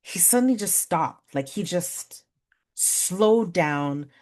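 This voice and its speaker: A woman in her forties leading a parenting workshop, talking conversationally, laughing at herself and slowly counting out breathing exercises. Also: on the low side, expressive, a little mellow. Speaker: workshop facilitator. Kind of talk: guided breathing exercise and storytelling talk.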